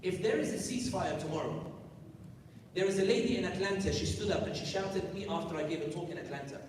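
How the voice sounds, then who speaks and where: A man's voice: fairly high pitch, fast talker, a little mellow, slight background noise. A man giving an emphatic live talk at a youth conference, firing off rhetorical questions and directing the crowd. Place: large conference hall. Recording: echoey hall from far off.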